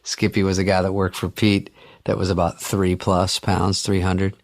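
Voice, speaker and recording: A man telling a story with dry, wry humor and casual swearing as a guest in a relaxed chat. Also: sits low, moderate pace.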